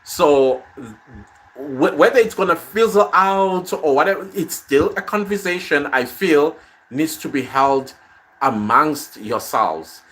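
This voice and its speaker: A man's voice: fairly high pitch, expressive, slow pace, fairly bright tone. A man hosting a casual live stream from his phone, reading viewer comments aloud and answering them in a conversational way.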